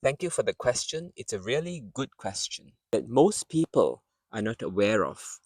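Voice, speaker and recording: A man's voice: mid-range voice, sing-song, moderate pace, a little mellow, slightly rough, no room sound. A man teaching English pronunciation outdoors among trees, patiently repeating words to demonstrate sounds. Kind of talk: pronunciation lesson.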